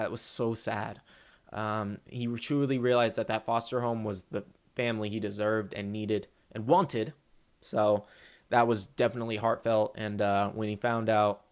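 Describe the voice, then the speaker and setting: A young man giving a casual, rambling movie review, excitable and full of fillers. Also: on the low side.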